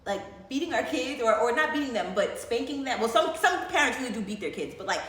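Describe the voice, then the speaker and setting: A young woman with a high voice speaks from a very echoey room, a little away from the mic. She drops wry, teasing comments in a relaxed chat. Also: quick pace. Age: young adult. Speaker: daughter co-host. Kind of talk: casual chat.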